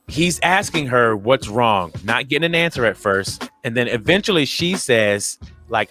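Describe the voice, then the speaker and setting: Over faint background music, a male podcast co-host tells a story casually at a moderate pace. He animates the retelling by acting out the people in it, his voice leaping in pitch for the quoted lines.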